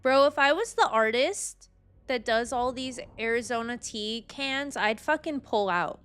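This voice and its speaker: Streaming a game and chatting casually, this woman rants with heavy swearing and bursts into shrieks. Her voice sits a little high, clear and resonant, and she speaks unhurriedly despite being excitable.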